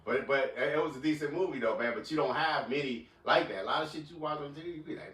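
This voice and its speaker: A man's voice: on the high side, fast, few pauses, recorded from a distance. Talkative man in an echoey room. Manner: animated, repeats "yeah" and "you know what I'm saying". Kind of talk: casual talk on a live stream.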